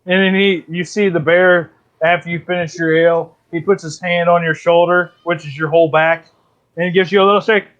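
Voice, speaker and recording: Guy running a dnd game, pretty high voice, goofy and rambly, muffled lo-fi audio. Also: steady tone, brisk, a bit bright. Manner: loose, joking, rambling. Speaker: dungeon master. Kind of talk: narrating a tabletop game. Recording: dull lo-fi sound.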